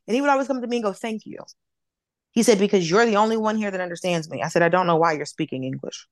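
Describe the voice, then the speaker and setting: A woman from Atlanta, a comedian guest, telling a story in casual chat, animated and profane, acting out other people's voices. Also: mid-range voice, very fast, dry recording. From Atlanta, United States.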